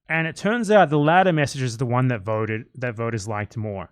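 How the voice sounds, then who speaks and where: A man riffing sarcastically on a livestream, swearing freely and wandering between thoughts. His voice sits at a middling pitch and sounds dry and close, with no room around it. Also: moderate pace, hardly any pauses, dry recording. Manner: sarcastic, profane, rambling. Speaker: livestream commentator. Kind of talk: casual livestream rant.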